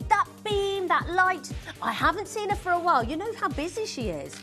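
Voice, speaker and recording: A woman's voice: extremely high pitch, sing-song, moderate pace, sharp tone, soft background music. A woman presenting jewelry on a live shopping channel, chatty and gushing as she greets viewers by name. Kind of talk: live jewelry sales pitch. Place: television studio.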